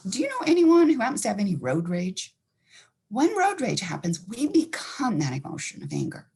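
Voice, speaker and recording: A woman counselor giving a fast-paced educational talk, acting out inner thoughts as she goes. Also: medium pitch, slightly rough. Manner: fast-talking, animated, acts out inner thoughts.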